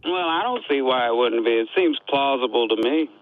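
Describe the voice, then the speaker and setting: Halting male caller on a tinny phone line. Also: medium pitch, expressive. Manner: halting, restarts sentences. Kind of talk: call-in debate. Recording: thin phone-line audio.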